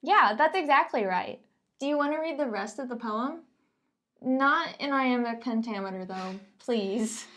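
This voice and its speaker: A woman's voice: on the high side, measured pace, fairly bright tone. A woman co-hosting a poetry lesson, explaining in a playful, scripted manner. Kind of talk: scripted educational banter.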